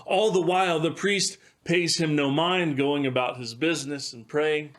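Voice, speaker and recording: A male pastor tells a devotional story at a measured, unhurried pace. He drops in the occasional filler as he goes. His voice sits a little high for a man. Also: steady tone, a bit bright.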